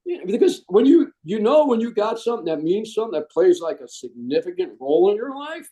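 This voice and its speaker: A middle-aged man, a Marine veteran, telling stories in a casual interview, animated and jokey and saying "man" a lot. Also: sits high, fast, rough recording.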